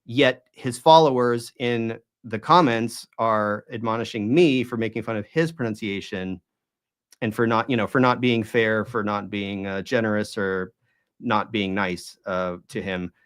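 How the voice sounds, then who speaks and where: Man talking in halting restarts. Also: fairly low pitch, smooth. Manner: talks in halting restarts and hedges, often asks rhetorical questions. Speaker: guest. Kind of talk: conversational interview.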